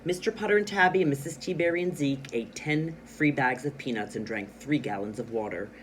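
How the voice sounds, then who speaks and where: A man teaching a children's reading lesson. He reads a storybook aloud with lots of expression, stressing words and pausing, then explains plainly what he did. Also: mid-range voice, slight background noise.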